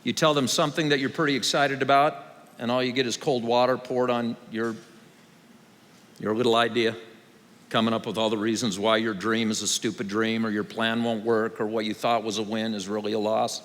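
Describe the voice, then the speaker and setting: A man's voice: fairly low pitch, level tone, fairly quick, a bit bright. A male pastor giving a sermon, conversational and wry, building to raised, emphatic passages. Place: large church hall. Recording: long hall reverb.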